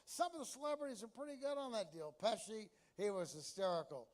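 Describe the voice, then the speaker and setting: A man's voice: high-pitched, very animated, brisk. A man from Texas doing a stand-up comedy routine, brash and chatty, with crude punchlines.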